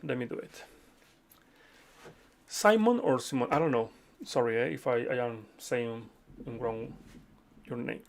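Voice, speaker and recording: Gravelly-voiced man hosting a live chart stream. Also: mid-range voice, steady tone, moderate pace, slight background noise. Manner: chatty, repeats okay, addresses viewers as friends. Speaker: livestream host reading viewer chart requests. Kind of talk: casual live chart analysis.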